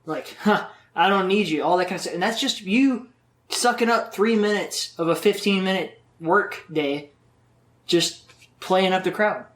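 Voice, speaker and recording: A man's voice: high-pitched, measured pace, a bit bright. Profane, rambling man in an echoey room. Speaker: podcast guest. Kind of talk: casual interview chat.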